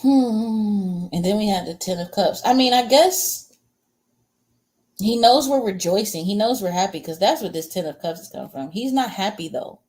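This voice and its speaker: A woman's voice: medium pitch, lively intonation, normal speed, a little mellow. A woman giving a casual livestream tarot reading. She rambles, answers viewer comments, and talks bluntly and crudely, with frequent chuckles between remarks. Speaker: tarot reader.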